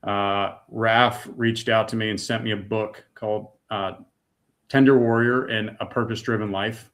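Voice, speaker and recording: A man's voice: on the low side, flat delivery, normal speed, a bit bright. A middle-aged man giving an emotional personal testimony as a podcast guest, talking casually with words like "dude" and "man".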